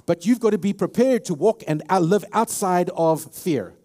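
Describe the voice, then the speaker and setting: A man's voice: sits high, normal speed, warm tone. A man with a South African accent preaching a sermon as a pastor, emphatic and full of restarts and repeated words. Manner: repetitive, emphatic, with many restarts.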